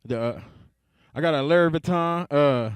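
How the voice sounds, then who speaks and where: A man's voice: on the high side, a little slow, smooth, dry recording. A young adult man performing stand-up comedy. He talks in a laid-back way and keeps laughing at his own jokes.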